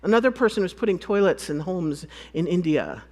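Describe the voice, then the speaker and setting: Animated woman telling stories on stage. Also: lowish voice, a little fast. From United States. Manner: animated, acts out dialogue, laughs often. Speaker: conference speaker. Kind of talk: storytelling conference talk.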